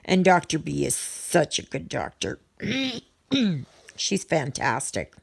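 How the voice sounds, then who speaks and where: Low, slow, gravelly-voiced chatty woman. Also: sing-song. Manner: rambling, chatty, with many ums and restarts. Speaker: vlogger. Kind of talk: casual chat to viewers while stitching.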